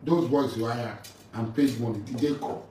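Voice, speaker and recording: A man's voice: mid-range voice, normal speed, warm tone. Man, Nigerian English accent, middle-aged, confrontational and mocking, mic set back, echoey room, faint hiss behind. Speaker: militant leader addressing a rival. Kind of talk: angry video rant. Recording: roomy, distant mic with faint ambient noise.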